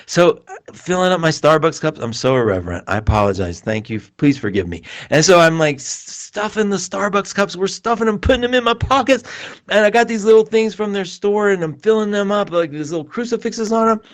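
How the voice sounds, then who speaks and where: A man hosting a live astrology show, telling a long, self-mocking story in a casual, animated way and reading viewer comments. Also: high voice, fairly quick.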